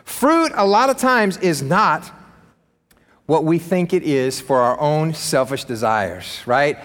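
A male pastor delivers an animated, emphatic sermon with joking asides. His voice sits slightly high and rings with a long reverb in a church sanctuary. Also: slow.

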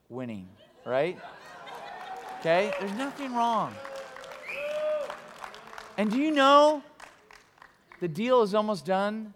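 Animated high-voiced preacher in a hall. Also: male voice, a little hiss or hum. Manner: animated, excitable, conversational. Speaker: pastor. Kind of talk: sermon. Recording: long hall reverb.

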